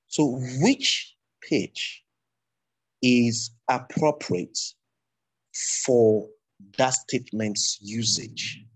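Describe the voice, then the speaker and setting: Husky Nigerian man teaching public speaking. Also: mid-range voice, slow pace, low-quality recording. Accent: Nigerian English. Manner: loose, digressive explaining with restarts. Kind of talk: recorded lecture.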